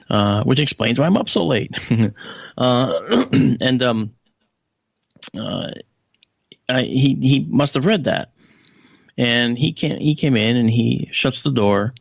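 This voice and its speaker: A man's voice: slow, vocal fry, pauses often, husky, no echo. A man being interviewed as a guest analyst on a radio show, telling a long anecdote conversationally, full of asides and fillers. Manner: animated storyteller, raises his pitch to quote others.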